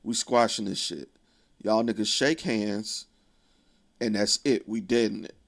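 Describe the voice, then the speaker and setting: A man voicing a calm young male crew leader, speaking in firm, laid-back street talk. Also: fairly low pitch, a little slow, creaky.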